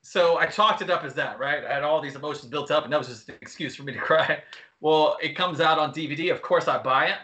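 A man's voice: on the high side, quick pace, sharp tone. A man co-hosting a podcast, chatting casually and telling a story against himself, laughing often. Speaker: podcast co-host. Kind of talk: casual chat.

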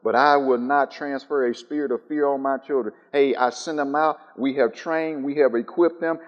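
A man preaching a sermon. He swings between soft, low musing and loud, high calls, and he repeats his phrases in a steady rhythm. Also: moderate pace, few pauses, in a large hall.

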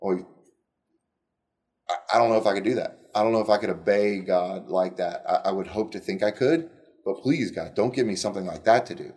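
A middle-aged man retelling Bible stories in an animated, conversational way, with frequent restarts. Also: low voice, a little fast. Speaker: Bible teacher. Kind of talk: casual Bible storytelling.

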